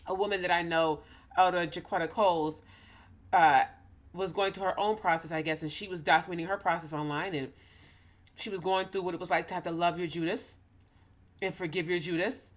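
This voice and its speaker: A woman's voice: lowish voice, steady tone, normal speed, pauses often. A woman in ministry telling a personal story to her audience, earnest and emotional, close to tears as she speaks. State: holding back tears. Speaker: ministry host. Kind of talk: personal talk to camera.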